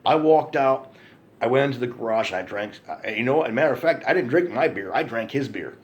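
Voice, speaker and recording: A man's voice: medium pitch, lively intonation, fast talker, lo-fi sound. A man telling an angry, profane story to camera in a ranting monologue, repeating himself for emphasis. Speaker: vlogger.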